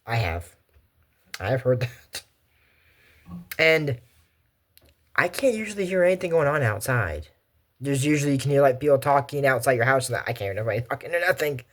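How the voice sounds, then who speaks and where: A man's voice: mid-range voice, normal speed, long pauses. A young man, chatting casually and going off on tangents while recapping an anime. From Texas. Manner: chatty, digressive, animated asides. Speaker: anime commentary host. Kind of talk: casual rambling commentary.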